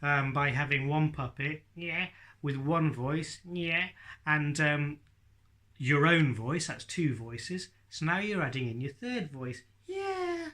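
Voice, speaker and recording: A man's voice: fairly high pitch, slow, pushed and bright. A man teaching ventriloquism in a chatty tutorial, speaking directly to his viewers. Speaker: ventriloquism instructor. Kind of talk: friendly tutorial talk.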